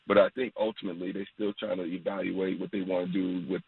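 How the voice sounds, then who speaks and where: A man calling in to a sports radio show as a guest, talking in a measured, halting way and restarting phrases. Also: low voice, flat delivery, creaky, slightly rough, dry recording. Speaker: guest analyst on phone. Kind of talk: casual sports radio chat. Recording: tinny phone line.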